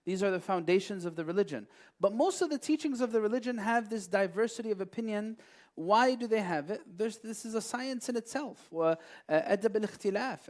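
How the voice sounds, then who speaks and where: A man with a rather high voice answers questions from a mosque audience. He explains step by step, with many fillers and short quotes recited in Arabic. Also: a little mellow. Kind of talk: religious Q&A talk. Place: mosque hall.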